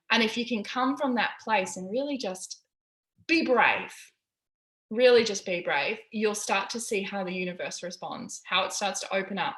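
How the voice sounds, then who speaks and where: Her voice is medium-pitched and a bit bright as she coaches her team on a live call, candid, encouraging and freely swearing. Kids can be heard around her busy home, and the sound carries a roomy echo.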